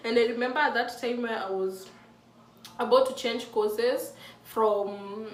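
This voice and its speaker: A woman in her mid-twenties speaks a little slowly in a slightly high voice, talking to camera in a casual faith vlog. She's earnest and emotional about her beliefs, often restarting her sentences. The room echoes and the mic sits far away.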